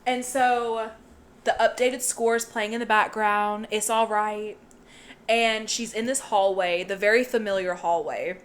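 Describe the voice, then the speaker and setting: A woman's voice: medium pitch, fairly even intonation, unhurried. A woman co-hosting a podcast, casually recapping a horror movie with lots of swearing and joking. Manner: profane, laughing, retelling plot with put-on quotes. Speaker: podcast co-host.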